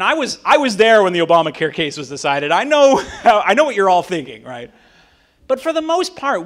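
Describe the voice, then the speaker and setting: A man, an attorney and author, giving an animated public talk to a dinner audience and often asking "right?". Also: high voice.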